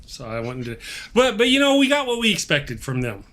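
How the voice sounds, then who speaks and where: A man's voice: a little high, very animated, brisk, sharp tone. A man co-hosting a casual livestream chat, talkative and jokey and insistent on his point. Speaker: co-host.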